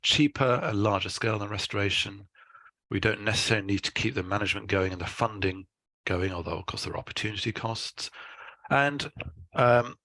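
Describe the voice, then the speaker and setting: A man giving a conference talk as a scientist, explaining in a measured way with dry asides. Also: low-pitched, bright, forceful tone, dry recording.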